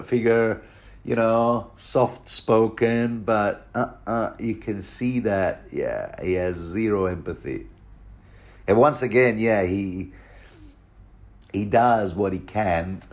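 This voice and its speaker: A man rambling through a casual book commentary, cracking jokes and trailing off into fillers. His voice sits on the lower side, relaxed and chatty. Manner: rambling, jokey, full of fillers and acted quotes.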